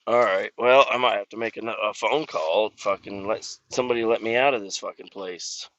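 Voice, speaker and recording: Exasperated, cursing man, podcast host talking alone while driving; forceful tone, muffled lo-fi in-car sound. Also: fairly low pitch, moderate pace, a little hiss or hum. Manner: profane, exasperated griping. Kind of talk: casual solo rant.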